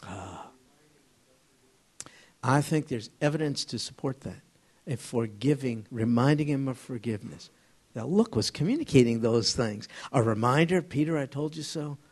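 A man teaching an informal Bible study to a small group, conversational and halting, often asking them questions. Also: medium pitch, expressive, husky.

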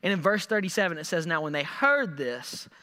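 A man preaching a sermon, animated and repeating words as he acts out scripture quotes. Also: a little high, brisk, long reverb tail. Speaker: pastor.

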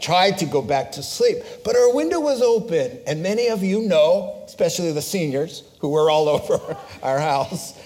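Man, pastor, sermon, animated storyteller, fairly high voice. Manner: animated storytelling, acts out voices, shifts to solemn preaching.

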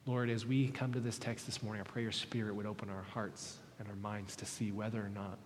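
A man preaching as a pastor, reading scripture and praying in an earnest, measured way with deliberate pauses. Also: on the low side, little pitch movement, slight background noise. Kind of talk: sermon with scripture reading and prayer. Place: church sanctuary. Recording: long hall reverb in a church.

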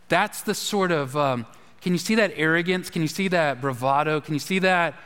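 A man preaching a sermon as a pastor, chatty and animated, asking the congregation questions. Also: a little high. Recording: long hall reverb.

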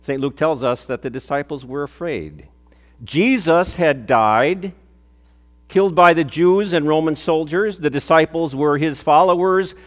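An older male pastor preaching a sermon, telling stories earnestly, building up on key points and dropping soft on others. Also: a little high, measured pace. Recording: long hall reverb.

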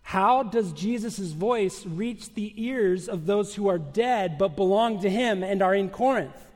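A male pastor preaching a sermon with emphatic, measured delivery, rhetorical questions and dramatic pauses. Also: high voice, a little mellow, long reverb tail.

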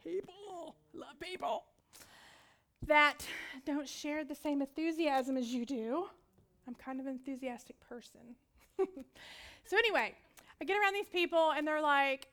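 A woman preaching with a high, bright voice. She tells her story in an animated way, keeps calling on the audience to respond and laughs often. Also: moderate pace. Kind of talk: sermon.

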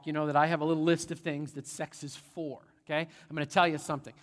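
A middle-aged man preaching a sermon as pastor, animated and conversational, often checking in with the congregation. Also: fairly high pitch. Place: large church sanctuary. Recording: long church hall reverb.

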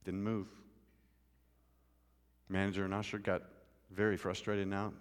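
A man preaching a sermon and telling a story, swinging from loud, urgent pleading to quiet, low asides. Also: level tone, measured pace. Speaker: pastor. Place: church sanctuary. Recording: long hall reverb.

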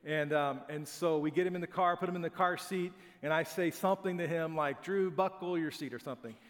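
A man's voice: on the high side, brisk. A middle-aged man preaching a sermon as a pastor, telling family stories in a conversational, self-deprecating way. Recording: long hall reverb.

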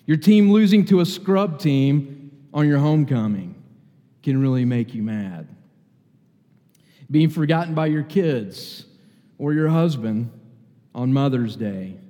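A man's voice: mid-range voice, lively intonation, slow pace, long pauses, warm tone. A man preaching a sermon, telling anecdotes and acting out what people said in different voices. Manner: storytelling, acts out quotes in varied voices. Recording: long hall reverb.

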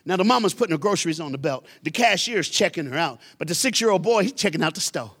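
A man preaching to a church youth crowd with a bright, ringing voice pitched a touch high. He tells a story in an animated, conversational way, punching key lines with emphasis. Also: quick pace, husky. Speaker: guest youth speaker. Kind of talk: storytelling sermon.

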